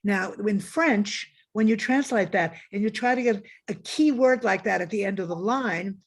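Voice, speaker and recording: A woman's voice: mid-range voice, normal speed, slightly rough. A woman guest critic in a conversational academic discussion, frank and digressive, often correcting herself as she talks over a video call.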